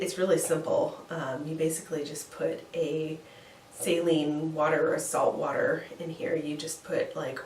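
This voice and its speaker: A young woman with a head cold talks casually to her vlog audience, her nasal, congested voice sitting low. She rambles with fillers and small laughs. She is recorded from a distance in a roomy, echoing space with faint ambience behind her. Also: slight background noise. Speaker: vlogger. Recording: echoey room, voice from far off, faint ambience.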